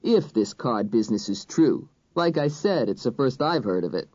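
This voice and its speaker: An audiobook narrator voicing a crude, sarcastic middle-aged male cop in a lower, rougher voice. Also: big pitch swings, moderate pace, darkish tone, no room sound. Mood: skeptical. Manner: blunt, sarcastic, slangy. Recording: dull, dry recording.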